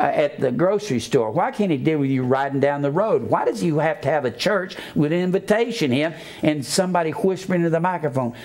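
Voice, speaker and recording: A man's voice: on the high side, a little mellow. An older man preaching a sermon, blunt and scornful, stopping to teach grammar like a schoolteacher. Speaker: pastor.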